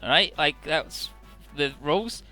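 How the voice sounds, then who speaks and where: A man rambling through casual game commentary, hesitant and prone to casual swearing. His voice is bright and animated and sits a little high. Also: unhurried, faint music behind. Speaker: let's play commentator.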